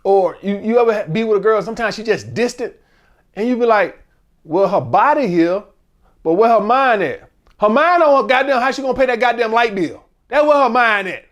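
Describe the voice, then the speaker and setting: A man's voice: high voice, moderate pace. A man hosting a dating advice channel, ranting bluntly and profanely in a casual monologue. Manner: blunt, profane, animated rant.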